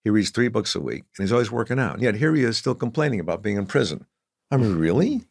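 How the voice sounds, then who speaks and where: A man's voice: on the low side, very animated, quick pace, creaky, dry recording, studio quality. A man who is a guest stand-up comedian, telling rambling stories in casual chat with lots of fillers. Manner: rambling storyteller with many fillers.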